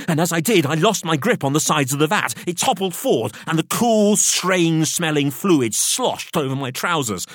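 A man narrating a first-person tale in an expressive, animated storytelling manner. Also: a little high, a little fast, hardly any pauses, slightly rough, no echo, studio quality. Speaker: audiobook narrator.

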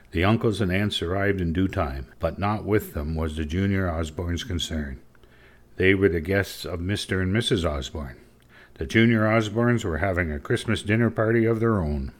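A man narrates a story at an even, measured pace. His voice is very low and deep. He sounds like a classic audiobook reader.

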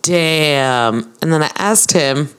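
Woman podcaster rambling thru a story, lowish voice, does all the voices. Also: expressive, slow pace, fairly bright tone, clear, resonant tone. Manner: chatty storyteller acting out quoted dialogue. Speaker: podcast co-host. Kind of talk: casual chat, storytelling.

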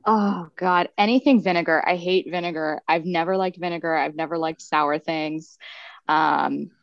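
A woman's voice: deep voice, steady tone, moderate pace, no room sound. A young woman guest on a sports podcast, talking casually and chattily with lots of fillers and self-deprecating asides. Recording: dull, slightly muffled sound.

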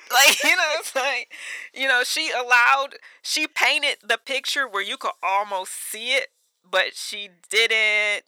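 A woman in her thirties with a very bright, high voice, co-hosting a casual podcast. She talks animatedly with lots of fillers and quick laughs. The sound is dry and close to the mic. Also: dry recording. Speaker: podcast co-host. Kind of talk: casual chat.

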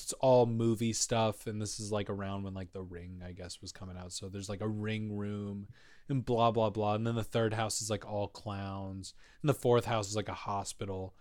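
Animated, profane male storyteller. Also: lowish voice, moderate pace, no echo, clean studio sound. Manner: animated, profane, acts out voices. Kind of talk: casual storytelling.

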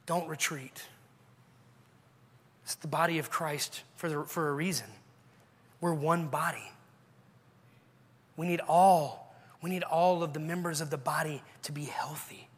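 A man's voice: a little high, steady tone, measured pace, long pauses, slightly rough, long reverb tail. A male pastor preaching a sermon in a church, earnestly urging his listeners with repeated questions. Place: church sanctuary.

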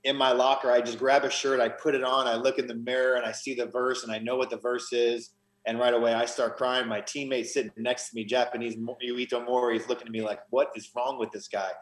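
A man of middle pitch speaking as a podcast guest, earnest and emotional as he tells his story and often restarts his phrases. His voice carries a noticeable room echo. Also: level tone, quick pace. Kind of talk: conversational testimony.

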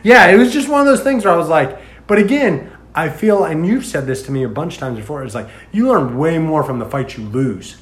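A man in casual chat, telling a story in an animated way, filling his talk with "like" and acting out what people said. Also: fairly high pitch, brisk, hardly any pauses. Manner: animated storyteller, heavy use of "like", acts out quoted lines. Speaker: podcast guest telling a story.

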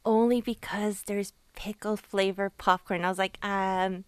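A woman chimes in on a casual podcast chat, light and chatty. Her pitch is medium, and the sound is dry and close. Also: steady tone, measured pace, clean tone, no room sound.

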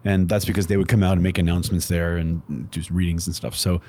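Husky lower-voiced guy chatting on a podcast, playful, explaining stuff. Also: flat delivery, quick pace, a little mellow. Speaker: podcast co-host. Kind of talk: casual chat.

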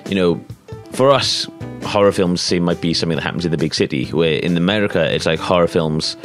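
A man's voice: sits low, quick pace, soft background music. Sweary man in casual chat. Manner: sweary, animated storytelling with put-on voices. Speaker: podcast co-host.

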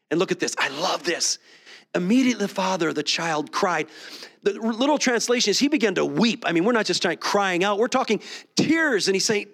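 A man's voice: sits high, creaky, fairly bright tone. A man preaching a Sunday sermon in a conversational way, with many restarts. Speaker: pastor. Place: church sanctuary.

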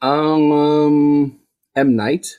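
A man's voice: a little high, flat delivery, extremely slow, clean tone, lo-fi sound. A man co-hosting a casual podcast, easygoing, thinking aloud as he talks. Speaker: podcast co-host. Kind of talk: casual chat.

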